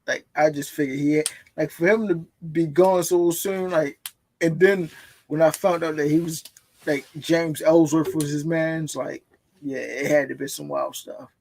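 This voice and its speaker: A young man talks in a high, gravelly voice. He is loose and laid-back in casual conversation, dropping "you feel me" often. It is easygoing podcast chat. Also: steady tone, measured pace, a little mellow. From Baltimore.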